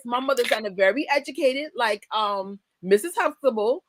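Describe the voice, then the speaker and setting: A woman in her forties from the United States hosting a casual chat, emphatic and animated, often breaking into laughter. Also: a little high, moderate pace, a little hiss or hum. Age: 40s. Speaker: host.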